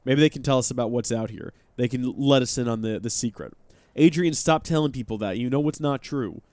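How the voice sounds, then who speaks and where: Brisk and a little mellow at medium pitch, with no echo, a man plays a game live while talking to his audience. He's chatty and joking, reading viewer chat out loud.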